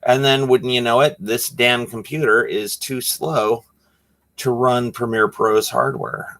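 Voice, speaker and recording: A man's voice: medium pitch, fairly even intonation, a little slow, creaky, fairly bright tone. A man chatting casually on a live stream while he draws, rambling with lots of fillers.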